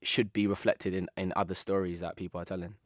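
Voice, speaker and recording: South London man, relaxed interview guest, laughs easily, dry close sound. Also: low voice, quick pace, dry recording. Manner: easygoing, laughs often, peppers speech with "man" and "you know". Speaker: guest actor. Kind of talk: casual interview chat.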